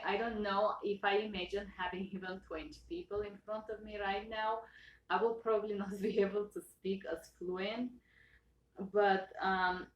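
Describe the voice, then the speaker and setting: A woman speaking English with an accent, earnestly thanking her viewers, halting and emotional with many restarts. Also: medium pitch. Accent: non-native English accent. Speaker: channel owner. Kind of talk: personal thank-you talk to viewers. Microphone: own camera. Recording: roomy echo, voice far from mic.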